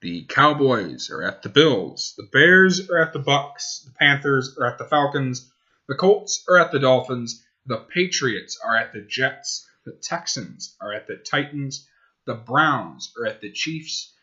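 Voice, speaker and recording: A man's voice: mid-range voice, expressive, unhurried, sharp tone, highs cut off. A man hosting a casual sports podcast, rambling and correcting himself as he goes. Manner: rambling, self-correcting, talks to his dog. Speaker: podcast host.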